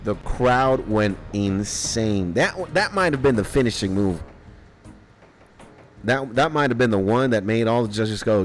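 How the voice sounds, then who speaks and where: A man's voice: lowish voice, measured pace. A man chatting casually on a live gameplay stream, rambling, laughing often and swearing now and then. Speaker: game streamer. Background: faint retro game music.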